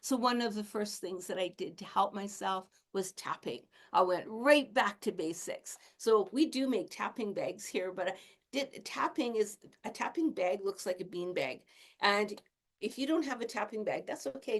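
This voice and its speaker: A woman healer and teacher giving a casual spiritual talk, speaking candidly about her own experience and laughing softly now and then. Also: medium pitch. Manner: candid, self-disclosing, chatty with soft laughs.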